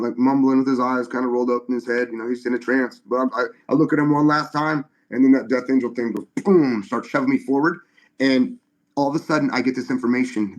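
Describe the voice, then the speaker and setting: A middle-aged man recounts a personal experience in casual conversation, his voice sitting in a middle pitch. He talks in an animated, halting way and often restarts his sentences, with fillers scattered throughout. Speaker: guest. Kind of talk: conversational testimony storytelling.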